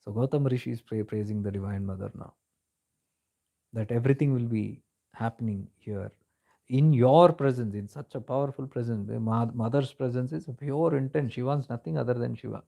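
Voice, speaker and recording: A man's voice: medium pitch, moderate pace, vocal fry, warm tone. A man giving a reflective spiritual discourse, telling stories in a conversational way and slipping into Hindi phrases. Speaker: spiritual teacher.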